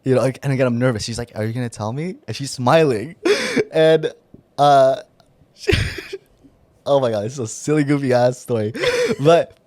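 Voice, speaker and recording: A man's voice: mid-range voice, moderate pace, no echo. A young man co-hosting a podcast, telling a story in casual chat and laughing often. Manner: animated, laughs often, acts out his own nervous voice. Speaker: podcast co-host.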